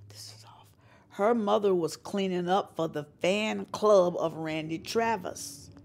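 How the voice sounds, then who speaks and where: An older woman from North Carolina, telling stories in an interview and acting out the voices of the people she quotes. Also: lowish voice. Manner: animated storyteller who acts out quoted voices. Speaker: singer and showcase organizer. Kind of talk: storytelling interview.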